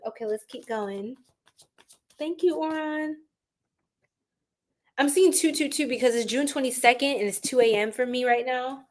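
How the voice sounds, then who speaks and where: A young woman giving a casual live-stream tarot reading, animated and slangy as she chats with her viewers. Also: a little high.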